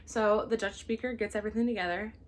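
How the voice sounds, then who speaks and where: A woman who hosts her own vlog as a flight attendant, telling a story casually with an animated, exasperated manner and some swearing. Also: mid-range voice, fast, slight background noise.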